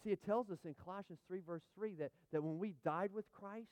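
A middle-aged male pastor preaching with animated emphasis, repeating phrases and turning often to the congregation. His voice is smooth, resonant and fairly high for a man, recorded close and dry. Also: a little fast, dry recording. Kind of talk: sermon.

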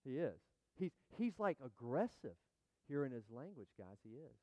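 A middle-aged man preaching a sermon in an animated, emphatic way, repeating phrases and speaking directly to the congregation. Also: medium pitch, moderate pace, no echo. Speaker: pastor.

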